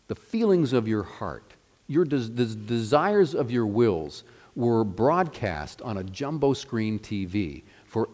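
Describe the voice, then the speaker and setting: A man's voice: lowish voice, dark tone. A man preaching a sermon as pastor, earnest and emphatic, building and easing his intensity. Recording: long reverb of a church hall.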